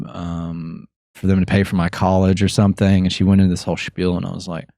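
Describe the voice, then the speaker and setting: A chatty, opinionated man with a low voice tells a story at podcast length, acting out every side of it. His voice sounds dry and close, with no room around it. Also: monotone, fast, dark tone, dry recording. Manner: chatty and opinionated, acts out both sides of anecdotes; frequent restarts and repeated "I was like". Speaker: podcast host. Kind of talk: casual conversational storytelling.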